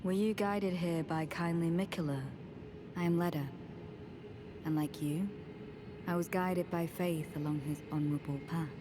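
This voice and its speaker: A woman voicing a devout female knight in a video game, with a steady, formal delivery. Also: lowish voice, normal speed, pauses often, close to an everyday voice. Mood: solemn. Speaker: game character. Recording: game audio with clear ambient noise.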